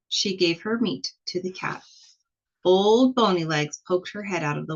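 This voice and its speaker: A woman reading a children's picture book aloud in an expressive, slow storytelling manner. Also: lowish voice, highs cut off. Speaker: storybook reader.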